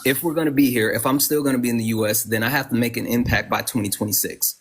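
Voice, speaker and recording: A man's voice: medium pitch, steady tone, quick pace. A man hosting a live stream who talks in an earnest, urgent way and often restarts his sentences. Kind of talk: casual live stream chat.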